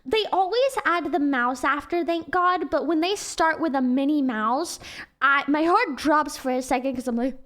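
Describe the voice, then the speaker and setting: Young woman streamer, super high childlike voice, giggly rambling chat. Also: moderate pace, fairly bright tone. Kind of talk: casual livestream chat.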